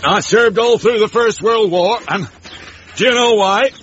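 A man's voice: high-pitched, a little slow, fairly bright tone, slight background noise. An actor playing a grumpy older northern man in a radio comedy, with a Northern English accent, dry and boozy. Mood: grandiose. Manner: dry, boozy, mock-grand oratory. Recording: dull lo-fi radio broadcast.

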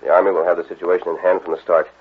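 An actor playing a masked western hero, calm and commanding, speaking with firm, polite authority in a vintage radio drama. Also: male voice, deep voice, very fast, slightly rough, phone-quality sound. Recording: scratchy old radio broadcast.

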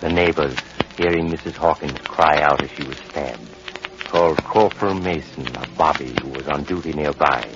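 An actor playing an eerie host who tells a murder tale, in 1940s radio drama style, with a measured manner. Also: male voice, rumbling low, music in the background. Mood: ominous. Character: eerie male storyteller Doctor Weird, very deep. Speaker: host narrator. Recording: lo-fi old radio with loud hiss.

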